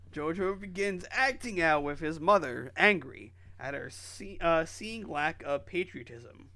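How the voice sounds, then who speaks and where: Gravelly-voiced man co-hosting a podcast. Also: on the high side, expressive, bright, forceful tone. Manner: exasperated, laughing, reads haltingly. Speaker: podcast co-host. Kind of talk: casual podcast chat.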